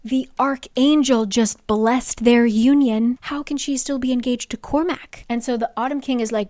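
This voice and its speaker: A young woman casually recapping a novel's plot, chatty and playful, dropping into quick quoted voices for the characters. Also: a little high, fairly even intonation, a little mellow, no room sound, clean studio sound. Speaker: book reviewer.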